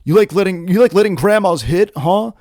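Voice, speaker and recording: A man's voice: high voice, lively intonation, a little fast, darkish tone, no echo, studio quality, pitched above the performer's own voice. A man voicing a menacing male stranger who taunts a driver in a raised, mocking voice. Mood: taunting.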